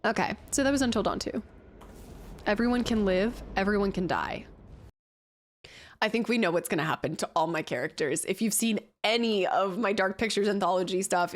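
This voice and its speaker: A woman streamer reacting live in casual chat, talkative and quick to laugh at herself. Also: mid-range voice. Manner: chatty, laughs often, self-deprecating.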